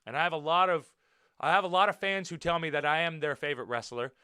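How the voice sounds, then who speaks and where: Animated, forceful man with a smooth voice. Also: on the high side, fast, no echo, clean studio sound. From United States. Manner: animated and blunt, swears, repeats himself for emphasis. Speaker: podcast host and professional wrestler. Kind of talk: casual wrestling commentary podcast.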